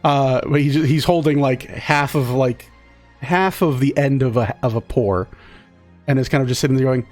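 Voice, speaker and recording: A man's voice: medium pitch, moderate pace, darkish tone, soft background music. A man narrating a tabletop game as its game master, in an easygoing, chatty way.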